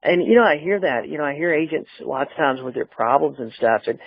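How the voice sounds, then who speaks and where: A man's voice: a little high, lively intonation, brisk, vocal fry, no room sound. A man from the American South with a mild Southern accent, hosting a casual interview and agreeing often in a friendly way. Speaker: podcast host. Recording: tinny phone line, dry.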